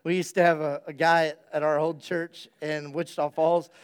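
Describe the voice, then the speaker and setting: A male pastor giving an energetic, conversational sermon and speaking straight to his congregation. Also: on the high side, moderate pace, clean tone.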